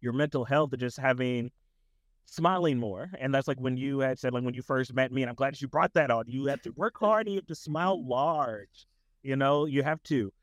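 A man's voice: mid-range voice, moderate pace, no echo. Young male guest, laid-back and rambling, medium voice, dry sound. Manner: relaxed, rambling, many fillers. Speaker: tutoring business owner, guest. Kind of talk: casual interview conversation.

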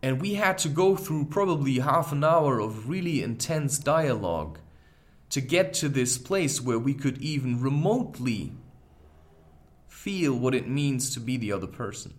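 Man, 30s, podcast host, candid personal storytelling, reflective, very animated pitch. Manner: reflective, candid, with frequent fillers and asides.

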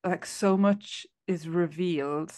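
A woman's voice: on the low side, takes it slowly, warm tone, no echo, clean studio sound. A woman co-hosting a book podcast, chiming in with short, easygoing remarks. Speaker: podcast co-host. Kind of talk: casual book discussion.

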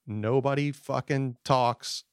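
A man hosting a podcast, talking in a loose, profane way that often trails off into quieter asides. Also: medium pitch, fairly even intonation, takes it slowly, smooth, no room sound, clean studio sound. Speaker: podcast host. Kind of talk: casual podcast chat.

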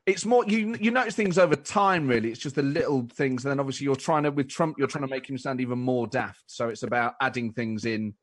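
A man, an impressionist guest, explaining his approach in a relaxed, casual interview. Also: mid-range voice, brisk, hardly any pauses, dry recording.

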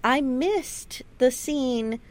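A woman co-hosting a podcast in casual chat, animated and profane, laughing often. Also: high-pitched, very slow. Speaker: podcast co-host.

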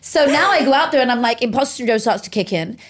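A woman's voice: on the high side, fast. Emphatic woman motivational speaker. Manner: energetic, emphatic, swears freely. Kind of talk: podcast interview.

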